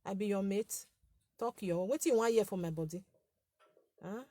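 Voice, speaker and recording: A woman's voice: medium pitch, normal speed, mellow, a little hiss or hum. Chatty Nigerian woman with a girlish voice. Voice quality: light, girlish voice. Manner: chatty and scolding, repeats herself, laughs often. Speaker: social media page host. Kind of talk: casual live chat with followers.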